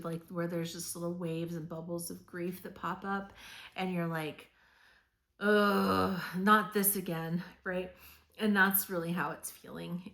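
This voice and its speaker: A woman with a somewhat low voice talks her viewers through a weekly tarot reading. She sounds earnest and reassuring, meanders from thought to thought, and often pauses on "um" and "like". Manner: chatty and meandering, with frequent "um" and "like". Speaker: tarot reader. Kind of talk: casual tarot reading to camera.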